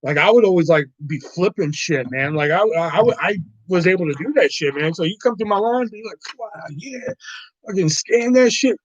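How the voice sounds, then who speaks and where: A young man telling a work story casually, animated and profane, laughing now and then. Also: high voice, fairly quick, few pauses, dry recording. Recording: dull dry lo-fi recording.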